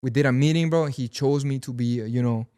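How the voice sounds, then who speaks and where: A man's voice: mid-range voice, a little fast, dark tone, dry recording, studio quality. A young man from Los Angeles with a Mexican-American accent and a Sinaloan mother, telling stories as a podcast guest. He talks casually, switches between Spanish and English, says "bro" often and acts out the people he quotes. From Pacoima, California, with a Sinaloan mother. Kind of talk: casual storytelling chat.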